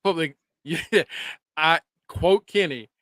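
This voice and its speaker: A man's voice: a little high, takes it slowly, a bit bright, no echo, clean studio sound. A man co-hosting a podcast, chatting casually about a TV episode in a laid-back way, laughing and teasing his co-host. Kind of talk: casual show recap chat.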